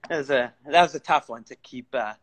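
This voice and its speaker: A man's voice: mid-range voice, a little fast, a bit bright. A man, a stage actor and podcast guest, chatting casually, laughing often and restarting his sentences. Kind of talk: casual chat.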